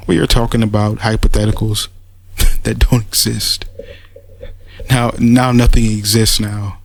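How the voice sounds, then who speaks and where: A man's voice: fairly low pitch, fairly even intonation, a little slow, gravelly, slight background noise. A man giving a mocking, rambling spoken rebuttal, sarcastic and full of restarts. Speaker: commentator making a response audio.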